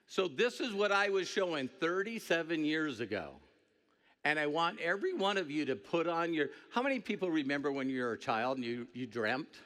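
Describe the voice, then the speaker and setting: Lively, bright-voiced middle-aged man on stage. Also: a little high, normal speed. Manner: animated, joking, breaks into shouts. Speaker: network marketing speaker. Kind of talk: motivational stage speech. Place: stage before a large audience.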